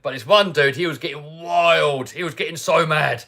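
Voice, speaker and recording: British bloke on a live stream, kinda high voice, chatty storytelling that jumps from mumbly to loud. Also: male voice, normal speed, vocal fry, soft background music. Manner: animated, swings between mutters and loud outbursts. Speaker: livestream host. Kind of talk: casual storytelling.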